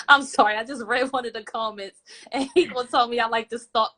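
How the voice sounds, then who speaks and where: A woman with a somewhat high voice speaks at a moderate pace as a guest on a podcast live stream. She chats casually and tells stories with animation, acting out the quotes.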